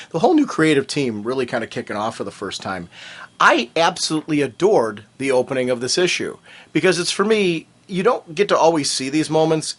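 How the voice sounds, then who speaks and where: A man hosting a fan podcast, asking curious questions in a lively, casual way. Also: medium pitch. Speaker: podcast host. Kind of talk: casual chat.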